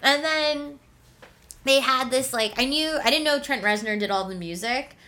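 A woman's voice: sits high, normal speed, sharp tone. A woman chatting casually about a film, rambling, blunt and sarcastic, often laughing. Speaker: podcast co-host reviewing a film. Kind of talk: casual chat.

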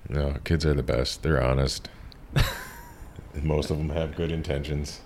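A man with an extremely low, rumbling voice tells stories in a casual interview. He swears freely and acts out the people he quotes. He is in his thirties and works as a tattoo artist. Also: measured pace, slight background noise. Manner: profane, animated storyteller acting out quotes.

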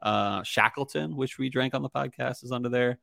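A man's voice: medium pitch, moderate pace, gravelly, pushed and bright, no room sound, studio quality. A young man hosting a casual podcast chat, rambling with lots of fillers and easy laughter. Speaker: podcast host.

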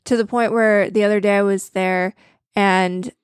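A woman's voice: medium pitch, steady tone, normal speed, clear, resonant tone, dry recording. Female podcast co-host, candid and self-deprecating, mid-range voice, dry close mic. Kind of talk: casual chat.

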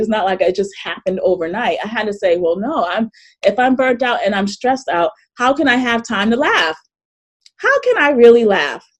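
A middle-aged woman hosting a live online workshop over a video call, chatty and animated, often laughing and reading chat comments aloud. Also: on the high side. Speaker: coach and webinar host.

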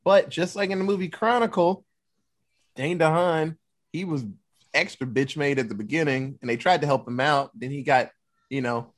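A man co-hosting a casual film podcast, swearing and mocking characters with quick voices. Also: fairly high pitch. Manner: animated, profane, mocks characters with voices. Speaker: podcast co-host.

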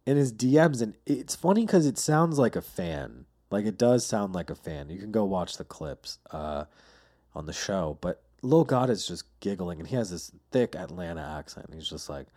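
Male podcast host, loose profane storyteller, low-ish warm tone. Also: sing-song, normal speed. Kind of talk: casual solo podcast monologue.

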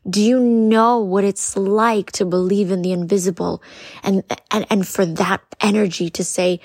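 A woman's voice: medium pitch, steady tone, unhurried, a little mellow, no echo, studio quality. A woman podcast host giving an earnest spiritual coaching talk, repeating phrases and speaking directly to her listeners.

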